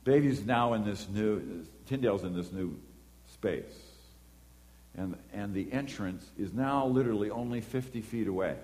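A man's voice: fairly low pitch, moderate pace. Man preaching in a reverberant hall. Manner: animated storytelling, acts out voices and horn beeps. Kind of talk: sermon with personal story.

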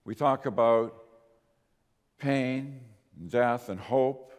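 A man's voice: medium pitch, drawn-out words. Man, pastor, sermon, emphatic, earnest, long hall reverb. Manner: earnest, emphatic preaching with rises and drops.

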